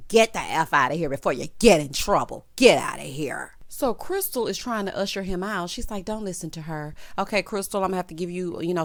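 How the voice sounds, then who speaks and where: Sassy woman ranting through a TV recap. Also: lowish voice. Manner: sassy, emphatic, scolding the cast. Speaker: reality TV commentator.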